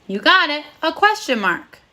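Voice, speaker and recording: A woman's voice: high voice, sing-song, normal speed, pushed and bright. A woman teaching a recorded phonics lesson to first graders, speaking in a cheerful, sing-song voice and praising the children often.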